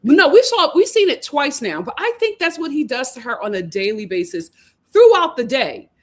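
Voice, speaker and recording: A woman hosting a casual reality TV recap, animated and laughing as she acts out what the cast said. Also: high voice, moderate pace. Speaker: host.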